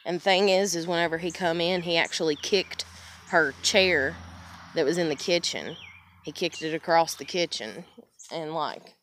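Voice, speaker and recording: A woman's voice: lowish voice, normal speed, fairly bright tone, a little hiss or hum. A woman in a casual personal monologue. She talks candidly, swears often, rambles, restarts sentences and keeps saying "you know.".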